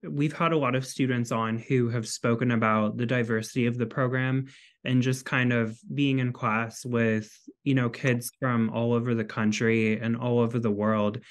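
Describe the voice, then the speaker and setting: Guy interviewer, mid pitch, easygoing questions on a call. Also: flat delivery, moderate pace. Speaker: interviewer host.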